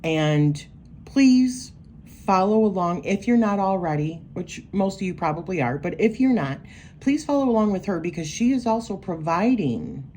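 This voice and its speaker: A woman's voice: on the low side, mellow, slight background noise. A woman giving a casual, rambling walkthrough of her astrology journal pages, thinking aloud with lots of fillers. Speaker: tarot and astrology creator.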